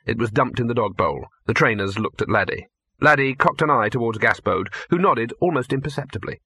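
A man's voice: medium pitch, animated, brisk, sharp tone, slightly rough, no echo. A man reading a comic fantasy story aloud in a dry, wry storytelling manner. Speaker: audiobook narrator. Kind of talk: scripted narration.

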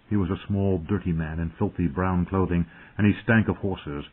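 A man narrating an audiobook in a measured, dramatic storytelling manner. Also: sits low, fairly even intonation, slightly rough. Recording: tinny phone-like audio.

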